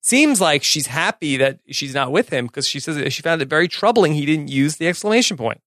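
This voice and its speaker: Easygoing man recapping, slightly high voice. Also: lively intonation, brisk, fairly bright tone, no echo, studio quality. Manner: easygoing, brief replies, narrates recaps. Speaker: podcast co-host. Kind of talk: casual chat, recapping an episode.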